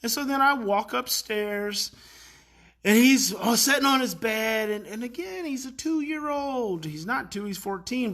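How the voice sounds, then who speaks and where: A middle-aged man, a parenting educator, tells a story in a casual, animated way and lets his voice rise to act out the kids' outbursts. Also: high-pitched. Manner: animated, acts out kids' outbursts, many fillers.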